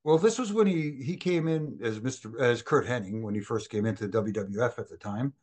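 Middle-aged male guest, storyteller energy, does quick voices for the people in his stories. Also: mid-range voice. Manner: animated anecdotes, acts out quoted voices. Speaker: former wrestling referee, guest. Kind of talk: storytelling in a casual interview.

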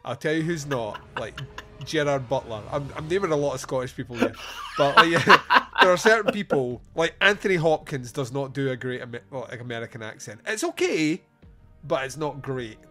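A man's voice: medium pitch, expressive, normal speed, sharp tone, soft background music. A man hosting a podcast, chatting casually about a film, laughing often and swearing freely. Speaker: podcast host. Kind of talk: casual film review chat.

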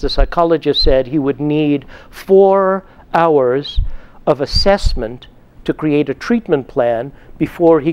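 A middle-aged man gives a psychotherapy lecture, telling patient cases step by step. His voice sits a bit high for a man, and he now and then acts out stern dialogue with a raised voice. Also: a little mellow, smooth, highs cut off. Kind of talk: lecture with case stories.

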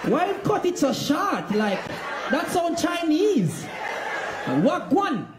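A young Jamaican man with a very high voice tells comic stories, laughing through his lines in patois phrasing. He is recorded in an echoey room with steady background noise. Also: takes it slowly, a crowd in the background. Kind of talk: comic monologue.

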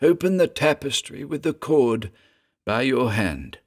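A man's voice: mid-range voice, sing-song, a little slow, voice pushed up. A man voicing a fevered, terrified male heir who raves wildly, then falls faint and broken. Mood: faint, spent.

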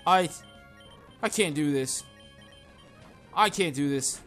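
A young man hosting a game playthrough, rambling through stories and self-deprecating asides, then yelling at the game when battles go badly. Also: a little high, lively intonation, slow pace, pauses often, soft background music. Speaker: gaming channel host. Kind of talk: casual game commentary.

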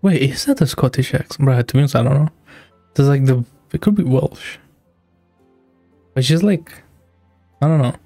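A man rambles through casual game reaction commentary, piling on filler words. His voice is gravelly and mellow, and the sound is dry and close. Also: medium pitch, expressive, moderate pace, pauses often, no room sound, faint music behind.

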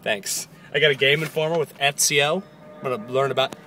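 A man vlogging casually outdoors, rambling excitedly about birthday gifts and giggling often. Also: medium pitch, a little fast, faint music behind. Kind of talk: casual chat. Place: outdoors near a parking lot.

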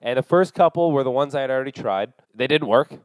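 A young man hosting a podcast, telling a long profane story in a casual, animated way and acting out the dialogue. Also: medium pitch, fast, dry recording, rough recording. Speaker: podcast host.

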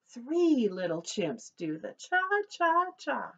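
A high, bouncy woman's voice, a preschool teacher who reads slowly and carefully to young children and leads them in chants. It sounds slightly dull and lo-fi. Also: very animated, vocal fry, fairly bright tone, husky. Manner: cheerful sing-song teacher voice, leads call-and-response chants. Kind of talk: reading a picture book aloud to young children.

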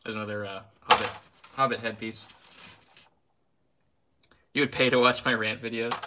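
A man's voice: lowish voice, steady tone, normal speed, pauses often, pushed and bright. A young man hosting a casual live stream, ranting with heat, then apologizing with a laugh and reading out viewer names. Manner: reads viewer names aloud.

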